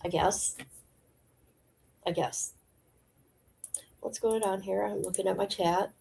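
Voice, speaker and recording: A woman's voice: medium pitch, steady tone, slow pace, gravelly, dark tone. A woman hosting a livestream, chatting casually and talking straight to her viewers about celebrity gossip. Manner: chatty, addresses viewers directly. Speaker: livestream host.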